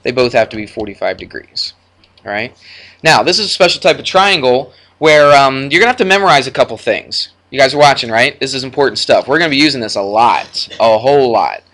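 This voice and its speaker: A man's voice: mid-range voice, expressive, brisk, a bit bright. A man teaching a math class, chatty, telling stories and laughing often as he lectures a classroom of students.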